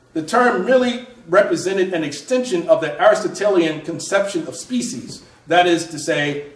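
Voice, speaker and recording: A man reading aloud from his own book, measured, pausing to restart phrases and add asides. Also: a little high, reverberant, far from the mic, low-quality recording.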